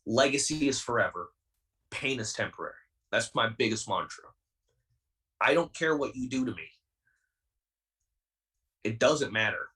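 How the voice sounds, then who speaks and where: Heated young wrestler guy ranting on a podcast, defiant, keeps repeating himself, normal pitch, kinda far from the mic. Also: bright, forceful tone. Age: 20s. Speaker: wrestler guest.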